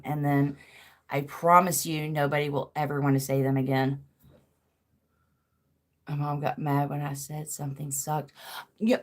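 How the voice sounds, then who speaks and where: Swearing woman, lowish voice. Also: fairly bright tone. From American South. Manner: rambling, swears freely, heavy use of "like". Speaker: podcast host. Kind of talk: casual chat.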